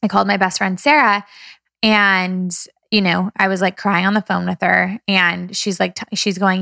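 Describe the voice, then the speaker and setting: A woman's voice: medium pitch, flat delivery, moderate pace, creaky, sharp tone, no echo. Candid woman vlogging, dry close sound. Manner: candid and emotional, many fillers. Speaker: business coach vlogger. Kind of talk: casual personal vlog.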